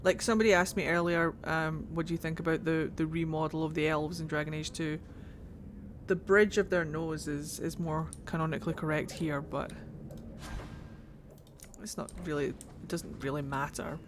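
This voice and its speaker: A woman's voice: low voice, steady tone, moderate pace, a little hiss or hum. A woman streaming a game, chatting and rambling about what is on screen. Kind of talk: casual game commentary.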